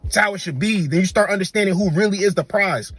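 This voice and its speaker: A man's voice: high voice, fast, fairly bright tone, slightly rough, soft background music. A man giving blunt, slangy reaction commentary, repeating words for emphasis. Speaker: dating commentator.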